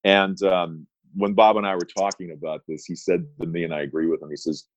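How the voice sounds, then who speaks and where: A man's voice: sits low, flat delivery, brisk, no room sound, dull audio. A middle-aged man, an attorney talking as a guest in an interview, telling stories with emphatic, punchy repeated phrases. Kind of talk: interview storytelling.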